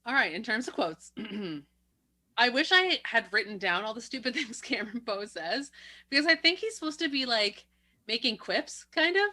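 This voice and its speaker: A woman's voice: fairly high pitch, animated, moderate pace, pushed and bright. A woman co-hosting a movie podcast in casual chat, wry and sarcastic, laughing between her remarks. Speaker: podcast co-host.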